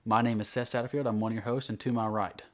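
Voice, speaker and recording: A man's voice: lowish voice, steady tone, quick pace. A young man hosting a casual podcast chat with friends, rambling and often trailing off mid-sentence. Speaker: podcast host.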